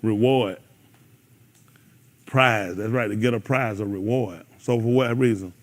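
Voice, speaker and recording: A man's voice: lowish voice, measured pace. A man leading a congregation's Bible class, bantering and laughing with them between scripture readings. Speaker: teacher leading a Bible study. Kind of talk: casual joking Bible class.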